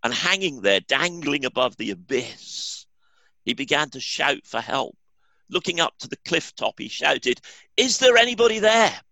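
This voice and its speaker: A man's voice: medium pitch, animated, a little slow, gravelly, pushed and bright, dry recording. A male pastor preaching a sermon in an earnest, emphatic way.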